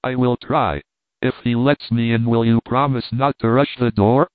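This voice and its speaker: A man's voice: medium pitch, steady tone, normal speed, no room sound, natural voice. A man voicing a stammering, shaken man. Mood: anxious. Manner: stammering, hoarse. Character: Adye, shaken but stubborn man. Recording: tinny phone-like line, dry.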